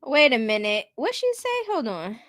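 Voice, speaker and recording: High, bright-voiced woman giving blunt commentary. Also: wildly swooping pitch, normal speed, no room sound. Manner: blunt, rhetorical, keeps asking viewers "you get what I'm saying". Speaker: commentary host. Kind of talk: casual commentary.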